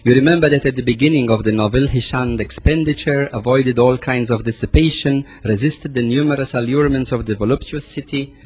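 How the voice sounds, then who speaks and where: A man talks through a novel's plot like a lecturer, speaking straight to his listeners. His voice is husky and breathy, at a middling pitch. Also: fairly quick, hardly any pauses, a little mellow. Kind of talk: literary commentary.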